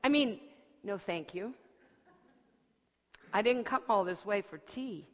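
A woman voicing an eager, breathless woman who is searching for the meaning of life, speaking high and urgent in a reverberant hall. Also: slow pace, a bit bright. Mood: insistent.

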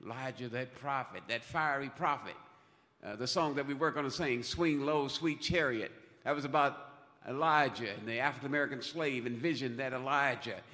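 A man preaching a sermon in a church, emphatic, repeating phrases and building to loud peaks. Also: a little high. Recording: long hall reverb.

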